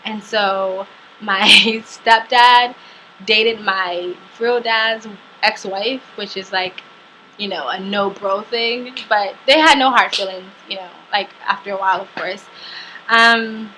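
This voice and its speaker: A young woman vlogger telling a personal story in a halting way, full of fillers and restarts. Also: mid-range voice, bright, forceful tone, a little hiss or hum, poor audio. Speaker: travel vlogger.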